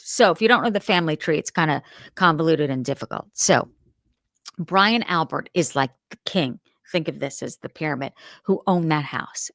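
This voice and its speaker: A woman's voice: low voice, creaky, a bit bright, no room sound, clean studio sound. A woman hosting a crime show, giving casual, candid opinions and thinking aloud as she talks.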